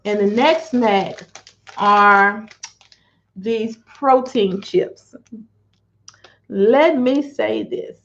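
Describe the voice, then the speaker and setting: A woman talking casually to camera, chatty and unhurried as she walks through her daily meal plan. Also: a little high, a little hiss or hum. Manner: chatty, unhurried, showing food items to camera. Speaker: financial wellness coach sharing diet vlog. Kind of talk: casual chat. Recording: dull lo-fi home video audio.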